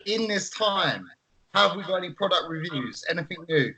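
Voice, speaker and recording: Husky co-host, bright fairly high voice, jokes and steers the chat. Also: male voice, big pitch swings, moderate pace, rough recording. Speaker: podcast co-host. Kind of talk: casual chat.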